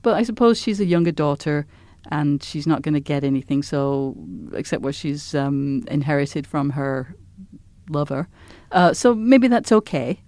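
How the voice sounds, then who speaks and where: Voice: medium pitch, lively intonation, normal speed, a little mellow, no room sound. Chatty, easily laughing podcast cohost. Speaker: podcast co-host. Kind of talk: casual chat recapping a TV drama.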